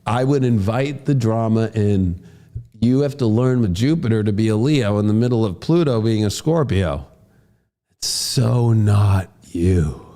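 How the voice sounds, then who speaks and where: A man giving a horoscope forecast as an astrologer, casual and profane, acting out voices he quotes and bursting into shouts. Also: fairly low pitch, moderate pace.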